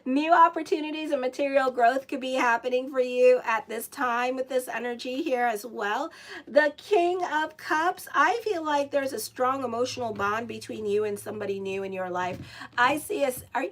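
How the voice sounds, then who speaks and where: A woman's voice: high voice, normal speed. Chatty woman reading tarot cards. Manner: chatty, breaks off into asides to viewers and her cat. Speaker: astrologer and tarot reader. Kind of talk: casual live tarot reading.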